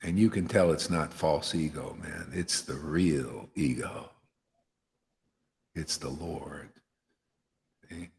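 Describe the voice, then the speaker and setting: A bass-voiced man with a gravelly, darkish tone takes it slowly, leaving long pauses, as he leads satsang as a spiritual teacher. His impassioned devotional sermon in a reverberant hall is blunt, fiery, and slangy, with frequent uses of "man."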